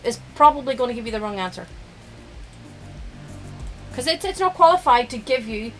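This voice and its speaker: A woman's voice: a little high, lively intonation, normal speed, faint music behind. A woman co-hosting a live stream, chatting casually and insisting firmly on her point. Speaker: stream co-host.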